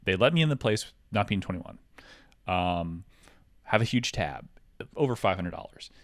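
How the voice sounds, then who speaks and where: Low-voiced man rambling through stories. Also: expressive, normal speed, no room sound, clean studio sound. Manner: rambling, filler-heavy, mimics voices in anecdotes. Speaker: podcast co-host. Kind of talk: casual comedic storytelling.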